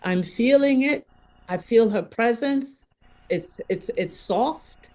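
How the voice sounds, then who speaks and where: A woman sharing a spiritual experience in a gentle, hesitant way, often repeating words. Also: fairly high pitch, takes it slowly. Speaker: wisdom circle participant.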